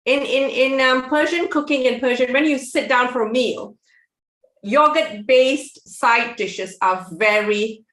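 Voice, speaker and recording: Bright-voiced chatty woman cooking host. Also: on the high side, reverberant. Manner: chatty, laughs often, self-correcting. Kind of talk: casual cooking demo chat. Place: home kitchen.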